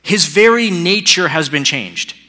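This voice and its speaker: A man's voice: on the high side, lively intonation, unhurried, pushed and bright. A man giving a sermon as pastor. He builds points through repetition and slips into casual, joking asides. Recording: long hall reverb.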